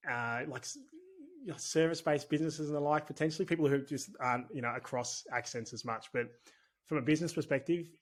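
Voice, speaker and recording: An Australian man, a business owner appearing as a podcast guest, speaks fast in a fairly high voice. His talk is chatty, candid and rambling, like a casual conversational interview.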